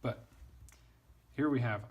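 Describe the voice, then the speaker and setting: A man's voice: mid-range voice, takes it slowly, breathy edge, dull audio. A man teaching Latin translation in a casual, thinking-aloud way, wry and self-deprecating.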